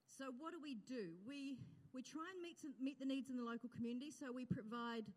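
A woman's voice: high-pitched, fairly quick. A woman leading church outreach, talking to a congregation in a chatty, grateful way with fillers and laughs. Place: church auditorium. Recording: long reverb in a large hall.

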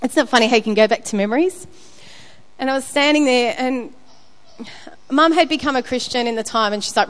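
A woman's voice: a little high, a little fast, in a large hall. A woman giving a candid sermon at church, sharing a personal testimony with frequent restarts and fillers. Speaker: speaker at church.

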